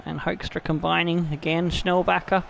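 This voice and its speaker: A man's voice: on the high side, moderate pace, vocal fry, a little hiss or hum. A man who hosts a gaming channel, commenting on his own football video game match with frequent laughter and swearing. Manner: laughs often, swears freely, excitable. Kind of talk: casual gameplay commentary.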